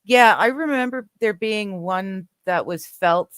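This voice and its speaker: A woman's voice: medium pitch, measured pace, no echo, clean studio sound. A woman from western Canada hosts a livestream, chatting casually and answering viewers, rambling easily and laughing often. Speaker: livestream host reading chat. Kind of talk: casual chat.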